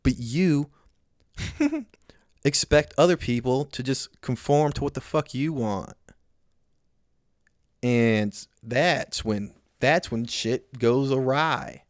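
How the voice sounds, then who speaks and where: A man's voice: medium pitch, slow pace, no echo. Guy doing a solo comedy podcast rant, swears a lot, laughs at himself, dry close sound. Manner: rambling, profane, self-mocking.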